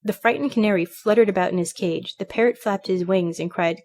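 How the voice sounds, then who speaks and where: A woman reading a fairy tale aloud in a measured, expressive storytelling manner. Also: medium pitch. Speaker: storybook reader. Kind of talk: scripted narration.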